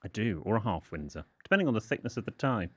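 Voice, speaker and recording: Prim man with lively pitch. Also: fast, no echo, clean studio sound. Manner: prim, precise, dryly witty. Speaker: podcast co-host, etiquette expert. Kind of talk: casual podcast chat. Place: studio.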